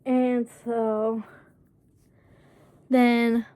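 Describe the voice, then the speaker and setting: A woman vlogger casually tells a personal story in a halting way, leaning heavily on fillers like "basically" and "um". Her voice is on the high side with a dark tone and flat delivery, in a dry recording.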